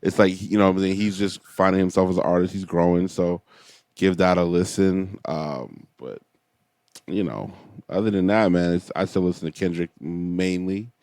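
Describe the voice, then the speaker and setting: A young man with a very low voice hosts a podcast in loose, casual chat, peppering his talk with fillers. The sound is dry and close. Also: moderate pace, a little mellow, no room sound. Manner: laid-back, many fillers like "you know what I'm saying". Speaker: podcast host.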